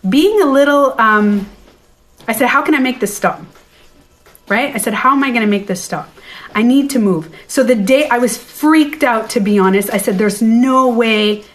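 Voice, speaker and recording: Animated chatty woman, slightly high voice. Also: unhurried, long pauses. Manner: animated, chatty, blunt, mildly profane. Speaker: beauty and life coach. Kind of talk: livestream storytelling. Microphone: phone.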